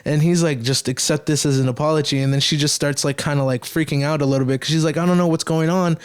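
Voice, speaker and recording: A man with a slightly raised voice hosting a relaxed podcast conversation. He retells scenes eagerly and drops into quick acted-out lines. His talk is loose and peppered with swearing. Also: fairly high pitch, smooth. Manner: excited storyteller, acts out character lines, swears freely. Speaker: podcast host. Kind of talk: casual chat.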